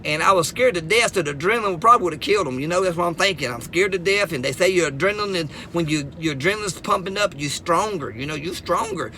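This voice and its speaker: A middle-aged man tells a comic story from his own life, his voice high and bright. He jumps around in pitch, repeats words and laughs at his own jokes. A faint hiss sits under the recording. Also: fast, hardly any pauses. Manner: animated, repeats words, Southern US phrasing.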